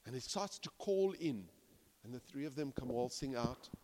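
A man preaching a sermon as pastor, swinging from hushed to loud and acting out the people in his stories. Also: mid-range voice, normal speed. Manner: animated, swings from hushed to loud, acts out quoted characters. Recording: long reverb of a large hall.

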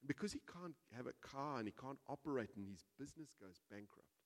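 Animated pastor in a hall. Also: male voice, mid-range voice, a little fast. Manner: animated storytelling, swinging from hushed to loud. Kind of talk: sermon. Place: church hall. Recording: reverberant church hall.

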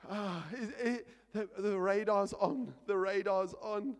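A man preaching a sermon as pastor, animated, dropping quiet and then shouting, acting out little scenes. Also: high voice, slow, hardly any pauses, big-room sound.

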